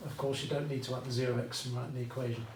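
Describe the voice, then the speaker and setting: A British man races through a maths lesson at a classroom whiteboard in a mid-range, flat voice, very fast, with a noisy background. Chatty and full of asides, he checks in with "okay?" a lot. The room is echoey and he sounds far away.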